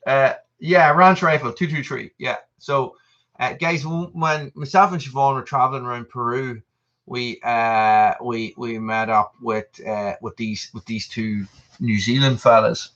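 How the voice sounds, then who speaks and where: A man in his thirties hosting a live stream, talking in loose, rambling chat and answering viewers as he goes. His voice is bright and forceful. The sound is dull and lo-fi. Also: medium pitch, steady tone, measured pace. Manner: rambling and chatty, reading out viewer messages. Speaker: channel host.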